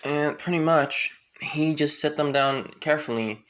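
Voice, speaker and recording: A man's voice: fairly high pitch, unhurried, a bit bright. A man casually improvising a fan fiction story aloud, rambling along with lots of fillers, restarts and repeated stock phrases.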